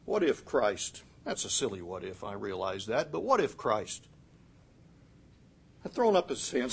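A middle-aged male pastor preaching a sermon, swinging from loud, emphatic lines to quiet asides and acting out quotes. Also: on the low side, sing-song, measured pace, gravelly, long pauses, breathy edge.

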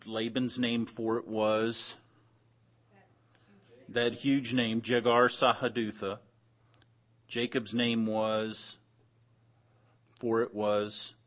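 A man's voice: fairly low pitch, fairly bright tone. A man leading an interactive Bible class, asking the group questions and repeating their answers, with some dry humor. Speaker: Bible study teacher.

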